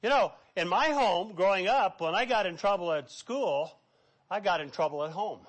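Middle-aged pastor, male, high voice, emphatic preaching with big loud-soft swings. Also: moderate pace. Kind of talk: sermon.

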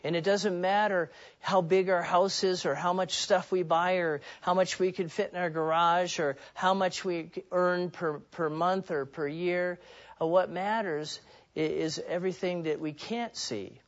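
A man's voice: high-pitched, steady tone, a little slow, muffled recording. A man preaching a sermon in an earnest, personal way, often restarting and repeating words.

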